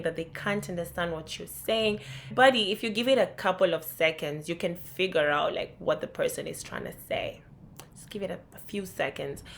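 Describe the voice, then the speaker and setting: A woman's voice: fairly low pitch, fairly bright tone. Candid young Kenyan woman vlogging. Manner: candid, reflective, conversational. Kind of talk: reflective vlog narration.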